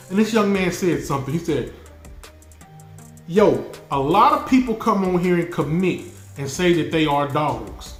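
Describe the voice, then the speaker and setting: A man's voice: high voice, roomy sound. A man hosting a casual football fan reaction video, talking emphatically and repeating his points for effect. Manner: animated, repetitive, emphatic preaching delivery. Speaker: sports channel host.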